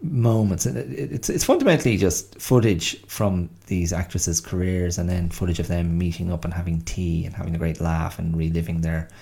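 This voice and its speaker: A podcast host in his fifties muses aloud in a casual solo monologue. His voice is deep and gravelly, with a dark, mellow tone. He pauses often and fills the gaps with fillers as he thinks. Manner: reflective, halting, many pauses and fillers.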